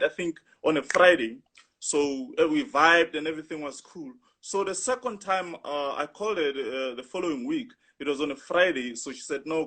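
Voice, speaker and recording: A young man with a husky voice, animatedly telling a rambling story in casual chat, full of "you know". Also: a little high, a bit bright. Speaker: guest storyteller.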